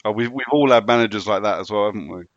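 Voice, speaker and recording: Low-voiced man on dull, dry audio. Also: fast talker, no echo. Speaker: podcast co-host. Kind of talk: casual podcast chat.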